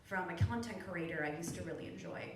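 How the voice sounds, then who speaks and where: A woman's voice: on the low side, expressive, quick pace, background noise. Woman performing spoken word in an echoey club. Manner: earnest, candid, with wry humor. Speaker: open mic performer. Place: small club at an open mic. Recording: distant echoey room recording.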